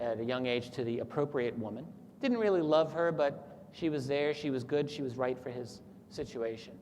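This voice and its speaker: A man at a talk retells a story to his audience in an earnest, steady voice of middle pitch, now and then acting out the lines he quotes. The sound has a long hall reverb with faint noise under it. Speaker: speaker at a talk. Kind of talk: lecture with a story retold.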